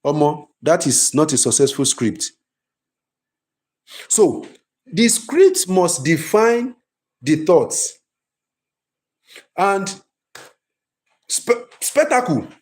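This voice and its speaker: Man, high-pitched, lively repetitive teacher on a stream. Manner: lively, emphatic, repeats himself. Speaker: film writing teacher. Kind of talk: live-streamed class.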